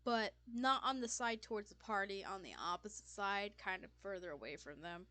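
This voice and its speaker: A woman's voice: medium pitch, moderate pace, pushed and bright. A woman narrating a tabletop game as game master, casual, with many fillers and self-corrections.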